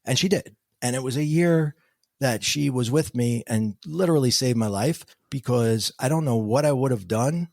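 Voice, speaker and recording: Middle-aged male guest, animated storyteller who acts out his quotes, mid-pitched voice, dry close sound. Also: normal speed, creaky, no room sound. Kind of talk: storytelling interview answers.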